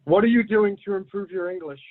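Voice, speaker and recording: A man with a notably high voice hosts a casual online group meeting. He rambles a little and hands out blunt advice. The audio comes through thin and tinny, like a phone line. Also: brisk. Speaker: host of online community meeting. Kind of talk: casual group video call.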